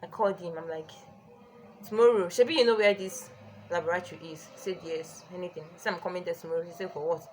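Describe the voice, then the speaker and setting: A woman's voice: fairly low pitch, fast, a little hiss or hum. Chatty young woman vlogger. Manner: chatty, animated, with many "like"s. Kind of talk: storytime vlog.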